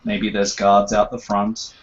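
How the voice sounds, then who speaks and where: A man describing his character's actions as a tabletop game player, halting and full of fillers. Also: fairly low pitch, monotone, dull audio. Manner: slow, halting. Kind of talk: casual tabletop play.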